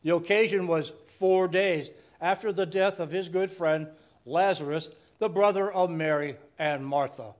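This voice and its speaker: A man preaching a sermon in a slow, earnest, reflective way, asking rhetorical questions. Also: sits high.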